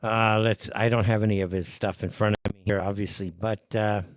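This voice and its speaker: A man's voice: lowish voice, little pitch movement, moderate pace. A man hosting a live commentary show, ranting in a heated, exasperated way and swearing often. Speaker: show host.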